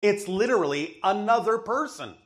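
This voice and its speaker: Answering a questioner, a man offers a channeled spiritual teaching in a high, expressive voice at a moderate pace. He speaks emphatically, like a teacher, often pausing to make sure he is understood.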